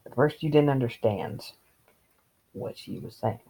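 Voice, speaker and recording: Male reader, gravelly husky voice, deadpan sarcastic commentary over story text. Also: mid-range voice, a little slow, rough recording. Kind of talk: reading fan fiction with commentary.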